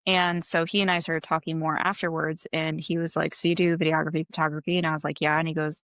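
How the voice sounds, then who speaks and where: A woman's voice: sits low, level tone, quick pace, few pauses, fairly bright tone, no room sound. A woman from Wisconsin in her thirties, a guest chatting casually in an interview, laid-back and full of "like" fillers.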